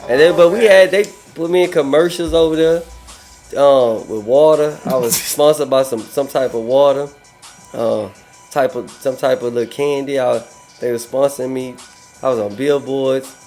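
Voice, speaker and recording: A man speaks in at a mid pitch, telling a story with lots of energy and frequent laughs. His talk is loose and full of swearing. A faint bed of music runs under the conversation. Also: normal speed. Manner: animated, laughing often, swears freely. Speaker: podcast guest. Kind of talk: casual storytelling.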